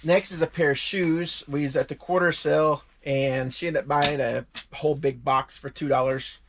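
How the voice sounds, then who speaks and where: A man's voice: on the high side, steady tone, normal speed, fairly bright tone, slight background noise. An older man with a Southern US accent, chatting plainly and easily as co-host of a reselling video. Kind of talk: casual chat.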